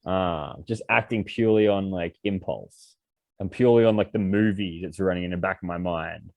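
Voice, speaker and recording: A man's voice: low-pitched, normal speed, gravelly, no echo, narrow, tinny audio. A man, a podcast guest, telling casual stories full of swearing and filler words. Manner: swears freely, heavy filler words, animated. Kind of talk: casual storytelling.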